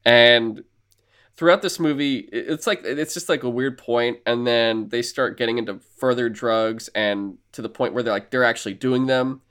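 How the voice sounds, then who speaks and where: A man of middle pitch co-hosting a podcast, spinning a long film recap in a loose, chatty way. He leans on filler words and keeps the story rolling with animated energy. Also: normal speed, clear, resonant tone. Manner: animated storyteller, many filler words, acts out quoted lines. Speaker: podcast co-host. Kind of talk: casual chat, retelling a film.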